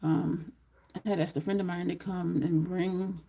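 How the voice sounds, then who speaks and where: A woman's voice: lowish voice, flat delivery, normal speed, gravelly, dark tone. A woman chatting casually through a makeup tutorial at home, rambling into side stories as she goes. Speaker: makeup vlogger.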